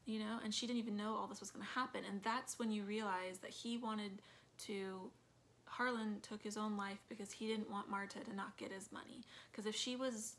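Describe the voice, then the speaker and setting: A woman's voice: medium pitch, fairly even intonation, normal speed, a bit bright, slight background noise. A woman chatting casually in a movie review, retelling scenes with acted quotes and lots of fillers.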